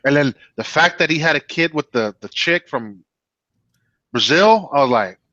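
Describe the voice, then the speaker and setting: A man's voice: on the high side, expressive, moderate pace, bright, forceful tone, highs cut off. A man co-hosting a casual movie review chat, joking and laughing often.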